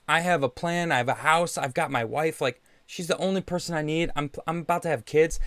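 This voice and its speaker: A man hosting his own livestream show, talking casually in a sarcastic, animated and defensive way, often laughing. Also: fairly high pitch, no echo. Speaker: show host. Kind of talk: casual solo livestream talk. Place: vacation home.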